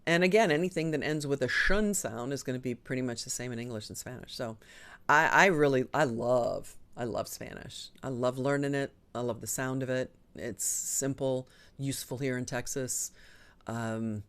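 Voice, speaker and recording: Woman, live-show host, chatty, enthusiastic, lively pitch, casual ums. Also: normal speed. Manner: chatty and enthusiastic, talks with her hands in the air of her voice, frequent ums. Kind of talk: casual live-stream chat.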